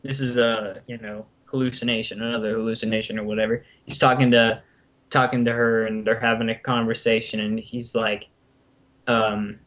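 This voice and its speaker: A man's voice: on the low side, level tone, normal speed, fairly bright tone. A young man co-hosting a podcast, casually retelling a comic scene with many fillers and restarts. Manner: rambling, lots of fillers and restarts. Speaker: podcast co-host.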